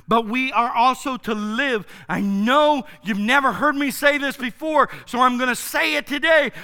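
A man preaching a sermon as pastor, slow and emphatic, stretching key words. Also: very high voice, bright, forceful tone.

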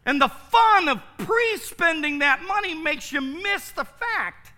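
Man pastor mid-sermon, lively high voice, pressing and repeating points. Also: measured pace. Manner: emphatic, repetitive preaching with rhetorical questions.

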